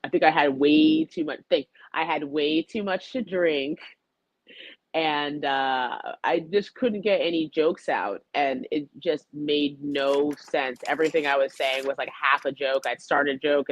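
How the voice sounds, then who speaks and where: A woman's voice: sits low, steady tone, measured pace, no echo, muffled recording. A woman from New York, a chef and comedian, chatting casually as a talk show guest, rambling and self-deprecating with frequent giggles. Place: home, video call.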